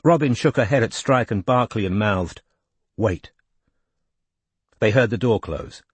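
A male audiobook narrator with a low, husky voice, reading at a measured pace. The recording is close and bone dry, with no room sound. He keeps an even, steady delivery. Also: no room sound. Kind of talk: scripted narration.

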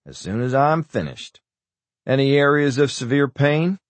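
A man's voice: mid-range voice, lively intonation, measured pace, no room sound, pitched above the performer's own voice, close to an everyday voice. A man voicing a wisecracking male doctor who puts on a bad Scottish accent, in an audiobook. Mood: teasing. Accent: fake Scottish. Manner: teasing, wisecracking. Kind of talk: audiobook character voice.

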